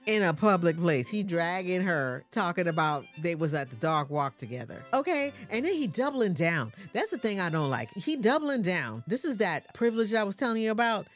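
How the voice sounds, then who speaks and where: A middle-aged woman with a low voice and reacts to a TV episode in sassy, colloquial asides. Her pitch swings widely as she talks. Faint music plays underneath. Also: sing-song, normal speed, few pauses. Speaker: reaction host. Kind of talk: casual TV reaction commentary.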